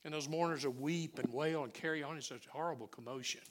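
A male pastor preaching a sermon, telling the story with lively swings and dropping to near-whispers. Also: a little high, quick pace. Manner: animated storyteller who drops to near-whispers.

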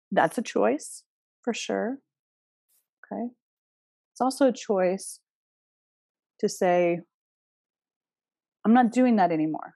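A woman's voice: fairly low pitch, darkish tone, no room sound, clean studio sound. A woman giving an astrology talk in a casual, earnest way, pressing her point with emphatic rhetorical questions and the odd blunt swear word. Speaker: astrology speaker.

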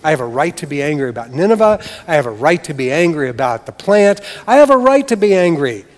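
A preacher putting on an indignant prophet, aggrieved and insistent. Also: male voice, mid-range voice, slow, a little mellow, pitched below the performer's own voice. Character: indignant male prophet protesting. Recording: long hall reverb.

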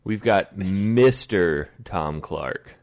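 A man's voice: low-pitched, expressive, drawn-out words, darkish tone, no room sound, clean studio sound. A man hosting a casual podcast, teasing his guests and laughing often. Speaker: podcast host.

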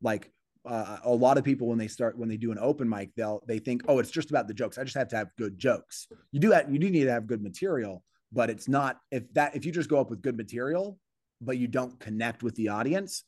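A man's voice: medium pitch, a little fast, darkish tone, dry recording, studio quality. A man, a comedian, telling a story in a casual podcast conversation, acting out the voices of people in it and restarting his sentences often. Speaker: comedian guest.

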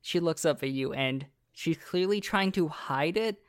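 A man's voice: a little high, measured pace, no echo, studio quality. A man narrating a tabletop game as game master, casual and full of fillers. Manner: casual, many fillers and restarts.

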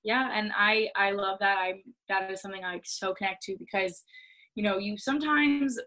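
A woman's voice: medium pitch, moderate pace, poor audio. A young woman speaking as a podcast guest, talking openly and animatedly and using "like" a lot. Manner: candid, animated, lots of "like". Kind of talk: casual conversation.

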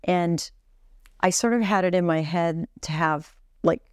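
A woman's voice: on the low side, measured pace, clean tone, no echo. A woman hosting a podcast interview, asking reflective questions drawn from her own experience. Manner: reflective, shares personal experience. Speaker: podcast host.

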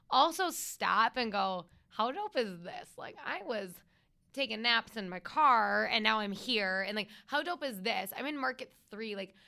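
A woman who works as a radio host, chatting as a guest on a podcast. She talks in an emphatic, animated way, and her voice is bright and crisp. She sounds a little higher than most women. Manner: lively, emphatic, animated storytelling. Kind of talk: casual interview talk.

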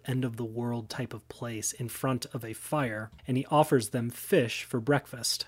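A man's voice: medium pitch, a little mellow. A man hosting his own show, giving earnest, enthusiastic book commentary in a loose, conversational way. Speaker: host.

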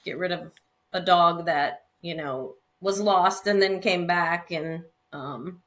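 A middle-aged woman, a hairstylist guest, telling stories in an animated, chatty way with frequent laughs and restarts. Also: on the low side, slow. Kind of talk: conversational storytelling.

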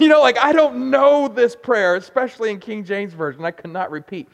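Animated young preacher in a big hall. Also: male voice, extremely high pitch, vocal fry. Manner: animated, self-deprecating storytelling with quick asides. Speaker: pastor. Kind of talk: sermon. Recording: long hall reverb.

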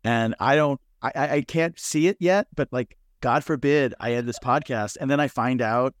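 A man hosting a podcast interview, teasing his guest in a deadpan, mock-serious way. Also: medium pitch, normal speed, no room sound. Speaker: podcast host.

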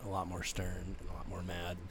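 Young man, low voice, blunt and profane, faint noise. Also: monotone, fairly quick, a bit bright. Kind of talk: casual podcast banter.

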